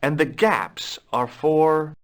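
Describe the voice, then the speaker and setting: A man's voice: on the high side, slow pace. An actor voicing a curious young adventurer in a video game, asking questions in a casual, dry way and narrating his story. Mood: inquisitive.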